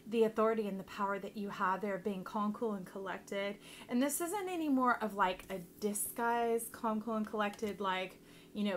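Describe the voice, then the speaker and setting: A woman giving a casual, chatty tarot reading to her viewers, affectionate and quick to laugh. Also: medium pitch, a bit bright, slight background noise. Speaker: tarot reader.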